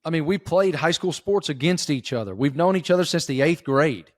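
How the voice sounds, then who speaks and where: A man's voice: on the high side, animated, fairly quick, no echo. Man, Southern Appalachian accent, folksy, emphatic, dry recording. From Giles County, Virginia. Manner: emphatic, folksy, calls host "bro" and "dude". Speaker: sports reporter, guest. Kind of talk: casual interview chat.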